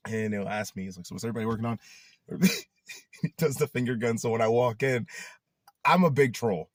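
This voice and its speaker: A young man chatting in a casual vlog, animated and laughing often, who trails off into rambling asides. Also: medium pitch, no room sound, studio quality. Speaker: YouTuber.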